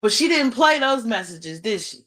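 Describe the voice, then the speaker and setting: A woman's voice: fairly high pitch, sing-song, normal speed, a bit bright. A woman venting on a livestream, talking emphatically and swearing freely about a falling-out. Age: adult mother. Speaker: livestream host. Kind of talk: unscripted livestream monologue.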